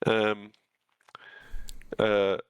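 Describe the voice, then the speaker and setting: A man's voice: lowish voice, completely flat delivery, extremely slow, smooth, dry recording. A man running a tabletop game as game master, describing scenes loosely with many fillers. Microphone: streaming mic, close and dry.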